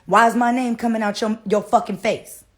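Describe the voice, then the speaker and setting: A woman voicing a brash, confrontational neighbor woman who curses in a tough, drawn-out way. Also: fairly high pitch, steady tone, natural voice. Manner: cursing, tough, dragged-out.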